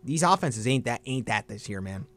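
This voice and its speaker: A man's voice: medium pitch, expressive, normal speed, a bit bright. A young man hosting a college sports radio show in a studio, confident and teasing his co-host. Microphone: studio microphone with headphones.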